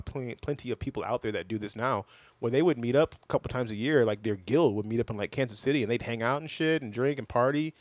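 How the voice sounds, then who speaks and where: A man's voice: medium pitch, no echo. A man hosting a podcast, chatting casually and laid-back, swearing often and teasing his co-hosts. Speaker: podcast host.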